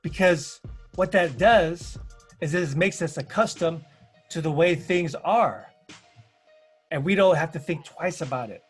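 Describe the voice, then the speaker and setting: A man's voice: on the high side, unhurried, pauses often, husky, faint music behind. A man giving a presentation, speaking in rhythmic, repeated emphatic phrases and telling stories with acted-out quotes. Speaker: panel presenter. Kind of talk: presentation talk.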